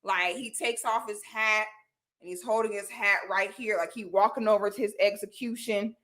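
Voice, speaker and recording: A woman telling a personal story on a livestream in a casual, animated, slangy way. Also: medium pitch, normal speed.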